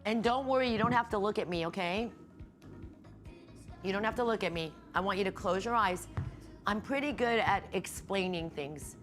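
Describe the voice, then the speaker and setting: A woman healer and yoga instructor leading a casual guided meditation class from a hotel room, talking in a relaxed, rambling and candid way with the odd swear word. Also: mid-range voice, moderate pace, soft background music.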